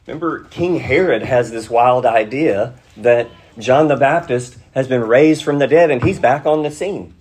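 A man's voice: mid-range voice, moderate pace, few pauses, a little mellow, breathy edge. A man preaching a verse-by-verse sermon in a teacherly way, checking in with his listeners through rhetorical questions. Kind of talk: expository sermon.

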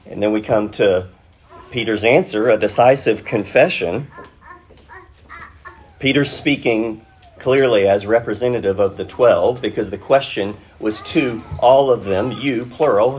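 A male preacher who unpacks scripture at an unhurried pace, pausing to ask his listeners questions. His voice has a husky, slightly breathy edge, and he keeps a teacherly tone that sits in a mid pitch. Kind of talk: expository sermon.

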